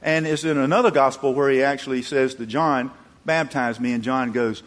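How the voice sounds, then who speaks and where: A man preaching a sermon, acting out quoted voices and moving between loud emphatic peaks and low quiet asides. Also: a little fast. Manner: acts out quoted voices, chuckles. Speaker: pastor.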